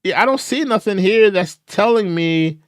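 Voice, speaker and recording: Young black guy ranting on his stream, kinda high voice, swings all over. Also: animated, normal speed, dry recording, studio quality. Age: young adult. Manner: reads documents aloud and riffs on them. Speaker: commentary channel host. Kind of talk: casual livestream commentary.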